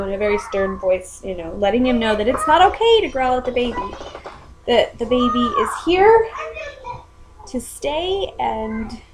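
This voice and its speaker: Chatty young mom, a touch high. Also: female voice, background noise. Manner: chatty and rambling, with many "um"s. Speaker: mother and vlogger. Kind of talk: casual chat.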